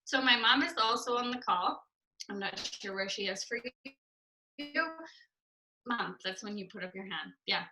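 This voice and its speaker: A young woman from Canada, chatty and quick to laugh, sounding tired and yawning as she shares her story on a group call. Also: medium pitch, low-quality recording. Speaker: guest speaker on a group call. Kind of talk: casual chat.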